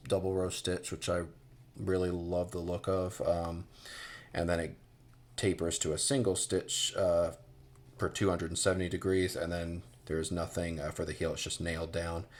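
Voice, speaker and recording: Low-voiced rambling American man. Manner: rambling, many fillers and restarts. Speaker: boot reviewer. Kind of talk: casual product review.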